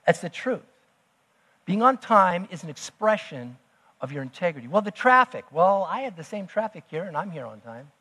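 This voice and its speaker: A man preaching a sermon as pastor, emphatic, swinging between loud declarations and hushed asides. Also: high voice, very animated, normal speed, slightly rough. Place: church sanctuary. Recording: long church hall reverb.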